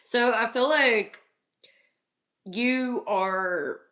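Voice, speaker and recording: A woman's voice: mid-range voice, expressive, measured pace, fairly bright tone. Chatty lady doing a live tarot reading, says like a lot, repeats stuff, kinda roomy echo on the mic. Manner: chatty, fills with "like", laughs often; repeats messages insistently. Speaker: tarot reader and channeler on a live stream.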